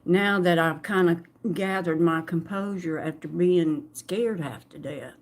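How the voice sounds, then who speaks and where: A middle-aged woman tells her story in an emotional personal vlog, halting and restarting often. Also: lowish voice. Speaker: vlogger.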